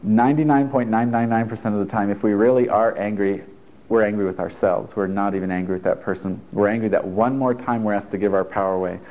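Speaking fast in a fairly low, fairly even voice, this man is a therapist guiding a group through a live workshop. His manner is chatty and encouraging, sprinkled with jokes. It's captured in a stuffy room with an audience, on tinny, phone-like lo-fi audio.

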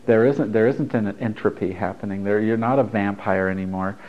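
A man's voice: lowish voice, fairly even intonation, a little fast, lo-fi sound. A man giving a loose, conversational spiritual talk to a group, laughing and swearing freely as he teaches.

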